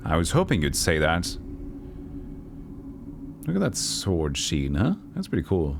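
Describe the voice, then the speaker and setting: Male streamer, animated delivery, rambling profane jokes. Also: deep voice, measured pace, creaky, noisy background. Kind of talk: casual gameplay commentary.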